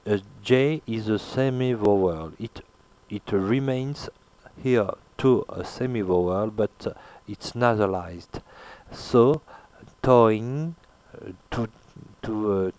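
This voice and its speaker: A man with a lowish voice teaches pronunciation at a very unhurried pace. He hesitates constantly, filling gaps with "uh" and repeating each word to model its sound. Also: darkish tone. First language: French. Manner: hesitant, many filler pauses, repeats words slowly to model sounds. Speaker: language teacher. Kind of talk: pronunciation lesson.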